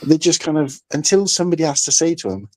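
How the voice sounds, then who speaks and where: A man from the United Kingdom co-hosting a casual livestream chat, telling animated stories and swearing freely. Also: fairly high pitch, fast talker.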